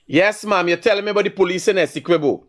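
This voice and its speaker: A man's voice: sits high, fast, a bit bright. Blunt Guyanese man hosting a call-in show. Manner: blunt, scolding callers. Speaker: talk show host.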